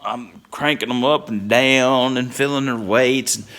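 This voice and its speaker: A man's voice: mid-range voice, fairly even intonation, measured pace, fairly bright tone. A middle-aged man, telling a funny story from his youth in a casual, chatty way and chuckling often as he goes. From Whitley County, Kentucky.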